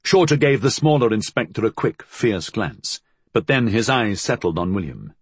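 Low husky male audiobook narrator, lively, expressive delivery. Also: no room sound. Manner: measured storytelling.

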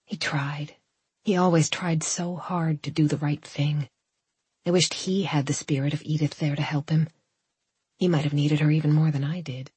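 A woman narrates a first-person audiobook in a measured, reflective way. Her voice sits low and carries a breathy, husky grain. The sound is close and dry, with no room in it. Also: flat delivery, a little mellow, no room sound.

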